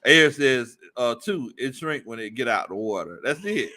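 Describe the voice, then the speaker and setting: A man hosting a casual sports livestream, reading viewer comments aloud and breaking into loud laughter. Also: mid-range voice, moderate pace. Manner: laughs often, loud animated outbursts. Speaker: sports stream host.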